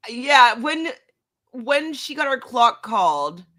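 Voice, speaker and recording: Woman guest, kinda high bright voice, chatty, laughs a lot. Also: big pitch swings, takes it slowly. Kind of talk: casual recap chat.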